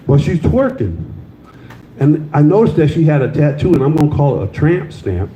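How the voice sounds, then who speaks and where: With a mid-range voice, big pitch swings and a fairly quick delivery, this older man performs crude, loose stand-up. He tells stories and teases the audience in a comedy club, and the roomy live audio sounds a bit dull.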